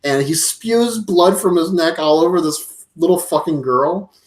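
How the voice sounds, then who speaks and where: A man's voice: fairly high pitch, unhurried. A man co-hosting a podcast, retelling a film in a casual, profane way, acting out lines and laughing often. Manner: animated, profane storytelling with acted-out quotes and laughs. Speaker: podcast co-host. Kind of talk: casual movie review chat.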